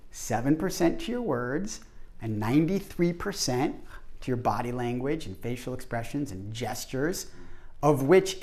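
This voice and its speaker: A man's voice: on the high side, vocal fry, a little mellow. A man presenting an interactive workshop to a group, talking animatedly and acting out the voices he quotes.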